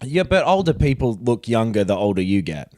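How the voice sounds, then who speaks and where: A man co-hosting a podcast, making crude deadpan jokes and swearing. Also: on the low side, a little fast, dry recording, studio quality. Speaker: podcast co-host. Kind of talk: casual podcast banter.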